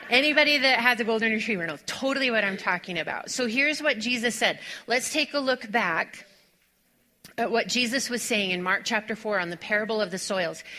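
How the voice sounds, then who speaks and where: A woman pastor preaching a sermon in a church, telling a personal story in an animated way. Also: medium pitch. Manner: animated storytelling, laughing often, fast-talking asides. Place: church sanctuary.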